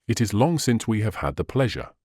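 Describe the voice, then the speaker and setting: A man's voice: on the low side, big pitch swings, brisk, darkish tone, no room sound, clean studio sound. A man reading the part of a pompous, impatient middle-aged burgomaster in an audiobook, speaking emphatically and indignantly. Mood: measured.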